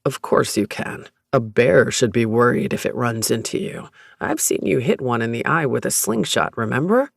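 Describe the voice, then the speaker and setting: A narrator voicing Noah, a gentle deep-voiced man. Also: expressive, normal speed, few pauses, no echo, clean studio sound. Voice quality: smooth, deep voice. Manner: warm, considerate, reassuring. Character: gentle young man, proud home brewer. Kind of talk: audiobook narration.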